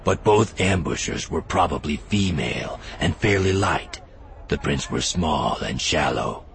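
A man voicing a suspicious, blunt male alien detective who speaks slowly and flatly, accusing everyone. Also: a bass voice, creaky, slight background noise, exaggerated voice. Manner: slow, flat, accusing delivery.

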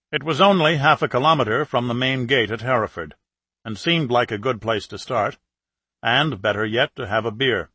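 A man narrating a thriller audiobook in a steady, even manner on a close mic. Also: mid-range voice, breathy edge, dry recording. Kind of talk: scripted narration.

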